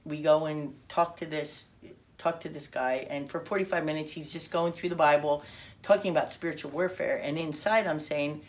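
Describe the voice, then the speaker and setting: A woman telling her personal testimony in an animated way, acting out quotes and restarting her sentences often. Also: sits low, normal speed. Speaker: speaker sharing a personal testimony.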